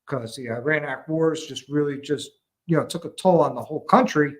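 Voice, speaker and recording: A man with an American accent, a veteran guest telling a long story in a calm, explanatory way with frequent ums. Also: a little high, brisk, rough recording. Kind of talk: casual storytelling conversation.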